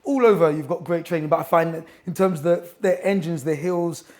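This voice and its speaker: High-pitched guy in his 30s, boxing coach telling stories on a podcast, keen and chatty. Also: fairly quick, a little mellow. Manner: enthusiastic storyteller, chatty. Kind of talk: casual interview chat. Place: gym.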